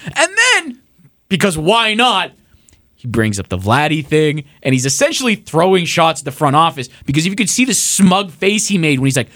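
A man's voice: on the high side, huge pitch swings, moderate pace, fairly bright tone, no room sound, clean studio sound. A young man co-hosting a sports podcast, ranting sarcastically and swearing as he builds up heat. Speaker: podcast co-host. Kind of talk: casual sports podcast rant.

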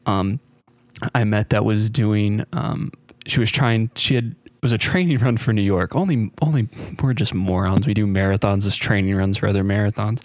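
A man's voice: fairly low pitch, normal speed, a little mellow, dry recording. A man hosting a podcast over a remote call, telling rambling, friendly stories in casual chat. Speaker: podcast host.

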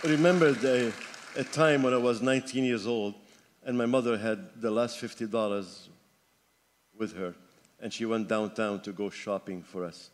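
A man in his seventies from Lebanon, preaching a sermon as pastor, rising fervently and then dropping quiet for personal stories. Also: on the low side, steady tone, normal speed, a little hiss or hum. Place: church sanctuary. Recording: long hall reverb with faint music.

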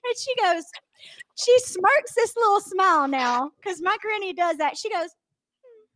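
A woman telling a funny story in a casual podcast chat, animated and laughing as she goes. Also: very high-pitched, normal speed, no echo, clean studio sound. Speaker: podcast co-host.

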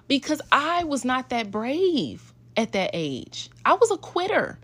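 A woman's voice: fairly high pitch, big pitch swings, unhurried, few pauses, a bit bright. A woman, a mother talking casually and emotionally about raising her kids. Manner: chatty, emotional, switches into voices when quoting. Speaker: mother sharing parenting experience. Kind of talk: casual personal talk to an audience.

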